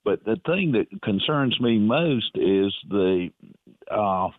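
A man calling in to a radio show, speaking haltingly with many pauses and fillers. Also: fairly low pitch, lively intonation, dry recording. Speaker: caller. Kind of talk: call-in radio comment. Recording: tinny phone line.

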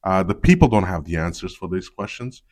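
A man, a city councillor on a podcast, speaking in halting bursts full of ums and you-knows before firm statements. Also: deep voice, sing-song, a little mellow. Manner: hesitant, heavy fillers, then firm. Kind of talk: casual chat.

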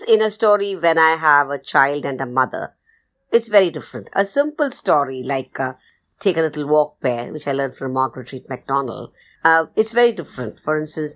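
A woman storyteller earnestly explaining her craft in an interview. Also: low voice. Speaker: storyteller, guest. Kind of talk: interview answer.

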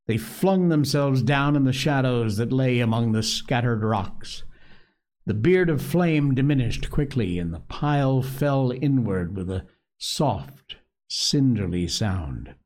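A man narrating a novel aloud with a slow, deliberate, expressive delivery. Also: on the low side. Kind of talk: audiobook novel reading.

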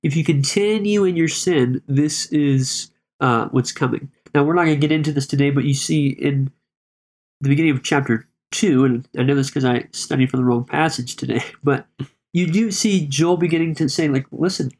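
A man discussing a Bible passage in relaxed conversation, talking with frequent restarts and self-corrections. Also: fairly high pitch. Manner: conversational, halting, with many restarts. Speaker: Bible study co-host.

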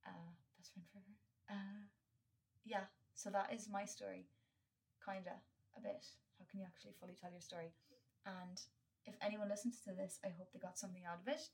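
A woman's voice: mid-range voice, steady tone, fairly quick, a little mellow, recorded from a distance. Candid young woman, slightly off-mic. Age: young adult. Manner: candid and earnest, swears freely, many fillers. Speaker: podcast host. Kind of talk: casual solo podcast monologue.

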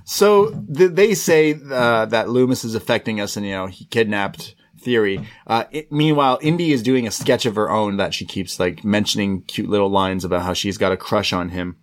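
A man's voice: on the low side, normal speed, few pauses. A man co-hosting a podcast, casually recapping a show and acting out the quoted lines as he retells them. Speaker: podcast co-host.

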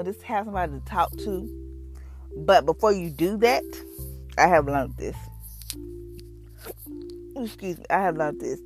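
A woman hosting a podcast, giving an earnest, informal devotional talk that rambles and often repeats phrases. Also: on the low side. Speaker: podcast host.

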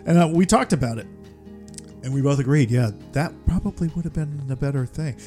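A middle-aged podcast co-host chats casually, telling stories in an animated way and laughing often. His voice is fairly high and a little fast, with soft music playing in the background.

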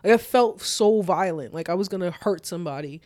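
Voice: mid-range voice, a little fast, a little mellow, dry recording. A young adult telling a personal story in loose, casual speech, full of "like" fillers.

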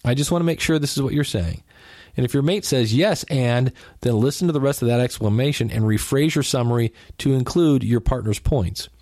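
Man, podcast host, casual advice talk, joking asides, medium pitch, dry close mic. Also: a little fast, darkish tone, no echo. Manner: conversational, joking asides, acts out quoted lines.

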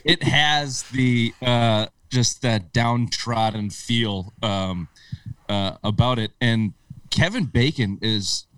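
A man co-hosting a casual podcast chat, trading joking deadpan one-liners. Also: mid-range voice, slow, clean tone, no room sound, distant mic, poor audio. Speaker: podcast co-host.

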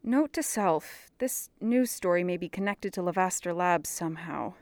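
A woman's voice: fairly low pitch, lively intonation, moderate pace, a little mellow, no echo. An actress playing a frazzled young woman in an audio drama, exasperated but protective, dictating notes to herself. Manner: exasperated, protective, note-taking.

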